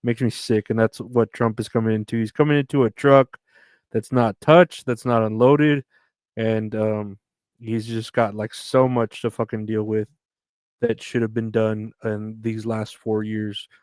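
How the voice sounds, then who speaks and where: A man's voice: fairly low pitch, little pitch movement, measured pace, darkish tone, clean tone, no echo. A man hosting a solo podcast from the United States, rambling and profane, tired and yawning as he talks. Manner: rambling, profane, self-mocking. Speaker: podcast host. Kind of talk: casual solo podcast rant.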